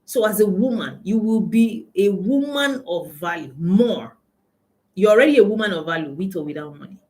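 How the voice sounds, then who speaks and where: A woman's voice: mid-range voice, expressive, moderate pace, darkish tone. A woman with a Nigerian accent, a money coach giving an emphatic motivational talk, repeating key lines and asking her listeners questions. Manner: laughs often while telling anecdotes.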